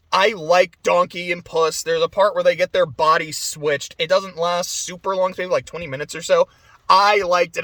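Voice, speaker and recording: A man's voice: high-pitched, a bit bright, no echo. A man giving a casual, rambling movie review, chatty with many fillers and frequent laughs.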